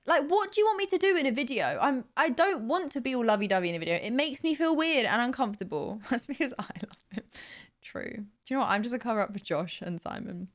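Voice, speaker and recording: A woman's voice: fairly high pitch, big pitch swings, fast. A young woman streamer in casual live-stream chat, laughing often and reading out chat messages.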